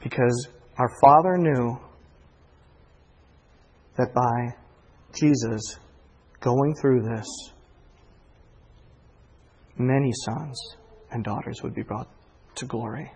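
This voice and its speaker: A man in his thirties preaching a sermon as pastor, moving from quiet reflection to fervent preaching. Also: medium pitch, slow, pauses often, husky. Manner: builds from quiet reflection to impassioned, near-shouted preaching. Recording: long hall reverb.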